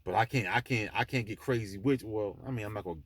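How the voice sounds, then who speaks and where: A man's voice: lowish voice, fast. A man hosting his own vlog, delivering a blunt, emphatic, preachy monologue with frequent restarts, speaking from an airport. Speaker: vlog host. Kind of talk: impassioned monologue to the camera.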